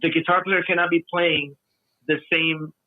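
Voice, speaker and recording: A man's voice: a little high, normal speed, no echo. Tinny phone-line male guest. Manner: relaxed, storytelling, trails off mid-sentence. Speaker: guest videographer. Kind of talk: casual chat.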